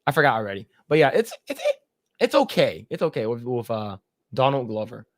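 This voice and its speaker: A man's voice: mid-range voice, sing-song, a little fast, dry recording, studio quality. A man hosting a casual podcast, reading chat comments aloud and rambling with frequent swearing and laughter. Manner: rambling, profane, laughs often.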